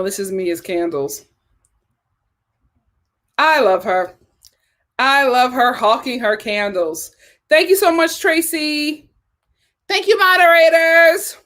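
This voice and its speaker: A young woman with a high voice hosts a casual live stream. She talks in a chatty, animated way, reads out viewer comments, thanks people by name and laughs often. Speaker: live-stream host reviewing a reality show.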